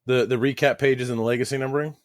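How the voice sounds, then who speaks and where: Fast-talking, excitable podcast co-host, man. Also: mid-range voice, dry recording, studio quality. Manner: quick, excitable banter, stumbles and restarts. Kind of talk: casual chat.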